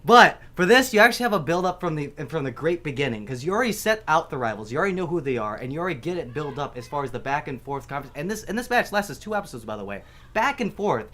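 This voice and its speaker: A man's voice: on the high side, sing-song, fast, pushed and bright. A man arguing his pick on a casual panel, rambling and repeating phrases as he builds his case.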